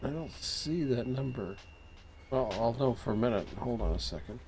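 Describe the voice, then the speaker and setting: A man giving casual, thinking-aloud commentary while playing a train dispatching game, low-key and a bit sleepy. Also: animated, moderate pace, darkish tone, a little hiss or hum. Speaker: streamer.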